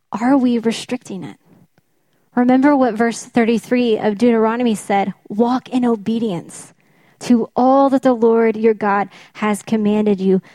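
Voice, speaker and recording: A woman's voice: a little high, warm tone, no echo. A woman preaching a sermon, emphatic, often repeating her key phrases for weight.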